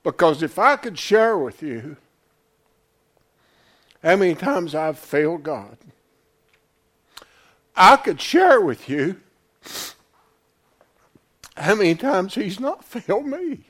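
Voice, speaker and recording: A man delivers a sermon in a folksy, conversational way, leaning on endearments like honey. His voice sits high and leaps all over the place. He swings from booming declarations to soft, close asides. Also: big pitch swings, slow pace, long pauses. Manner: folksy, calls congregation "honey", swings from loud to hushed. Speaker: preacher. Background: congregation responses.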